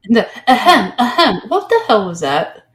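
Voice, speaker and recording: A woman co-hosting a podcast in casual book-club chat, talking loosely with lots of "like" and acting out characters in quick asides. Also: a little high, sing-song. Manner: chatty, peppered with "like", acts out characters. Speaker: podcast co-host. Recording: echoey room.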